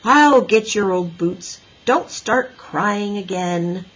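A woman's voice: medium pitch, expressive, slow pace, low-quality recording. A woman voicing a grudging, cross schoolboy who scolds a little girl. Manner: gruff, scolding.

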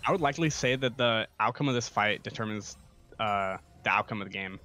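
A man giving relaxed color commentary on an esports match, with lots of fillers and easy laughter. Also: fairly low pitch, brisk, soft background music. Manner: casual, filler-heavy, laughs often. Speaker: esports co-caster.

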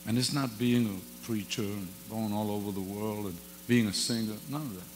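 A man's voice: lowish voice, moderate pace, darkish tone. A man preaching an informal sermon in a church, folksy and joking, with casual grammar and humorous stories. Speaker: guest pastor. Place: church hall. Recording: long hall reverb with faint mains hum.

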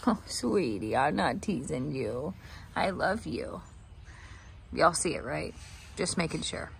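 A woman speaks in a gentle, cooing voice, soothing an animal in a casual outdoor vlog. Her pitch sits in the middle range and her talk stays soft and tender. Faint farm sounds hiss quietly behind her. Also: very animated, takes it slowly, creaky, poor audio. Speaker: vlogger, pet owner. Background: faint farm ambience, geese and rain.

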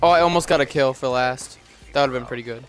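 A man's voice: mid-range voice, fast, faint music behind. A young man streaming a game live, rambling to his chat with restarts and asides. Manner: chatty, rambling, talks to chat. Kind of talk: live gameplay commentary.

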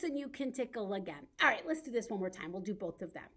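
A woman librarian leads a baby storytime with songs and rhymes, speaking in a cheerful sing-song to small children and their grown-ups. Her medium-pitched voice is pushed and bright, and she talks fast with few pauses.

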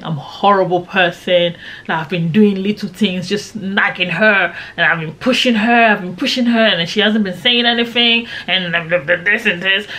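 A young woman, dramatically retelling a personal story in a casual vlog. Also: medium pitch. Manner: animated, dramatic retelling with quoted shouts. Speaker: storyteller vlogger.

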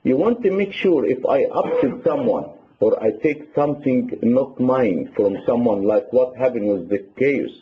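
A man's voice: medium pitch, animated, measured pace, hardly any pauses, highs cut off. A man with an Egyptian Arabic accent and Arabic as his first language, giving a sermon on confession that counts its points aloud. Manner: counts points aloud, retells church stories. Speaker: deacon teaching on confession.

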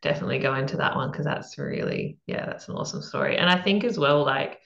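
A woman with a low, gravelly voice hosts a podcast in a relaxed, chatty way. She laughs easily and rambles with fillers. The sound is roomy and a bit dull. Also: fast. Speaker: podcast host. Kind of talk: casual interview chat. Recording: echoey room, dull lo-fi sound.

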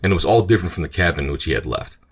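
Man, audiobook narrator, deep, husky, steady and measured.

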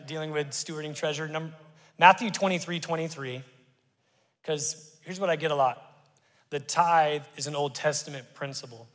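Animated pastor preaching in reverberant church. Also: male voice, fairly high pitch. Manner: animated, conversational preaching with sudden loud bursts. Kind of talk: sermon. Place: church sanctuary. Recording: long church-hall reverb.

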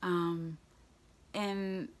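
A woman preaching a sermon, retelling a story with lively, casual delivery and acting out the characters' lines. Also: on the low side, very slow. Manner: animated, acts out characters in casual voices.

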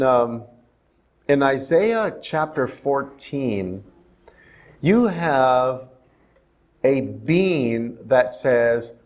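A male pastor giving a conversational bible study sermon in a church, often asking the congregation questions. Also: mid-range voice. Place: church sanctuary.

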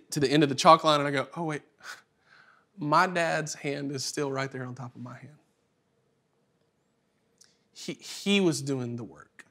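Animated man telling a sermon story. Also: on the high side. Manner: animated, self-deprecating storyteller with laughs. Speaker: keynote speaker. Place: conference hall stage.

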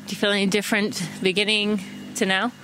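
A woman's voice: medium pitch, flat delivery, quick pace, bright, forceful tone, a little hiss or hum, rough recording. Chatty English woman guiding a run. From England. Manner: chatty and encouraging, gives stride countdowns. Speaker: running podcast host. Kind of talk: casual audio running guide. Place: walking outdoors.

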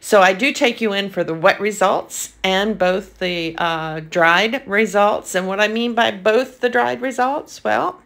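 A woman hosting her own art channel, talking casually and gushing with excitement, full of ums and repeats. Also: medium pitch, measured pace, gravelly, few pauses. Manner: gushing, enthusiastic, filler-heavy. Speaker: acrylic pour artist, channel host. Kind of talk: casual vlog narration.

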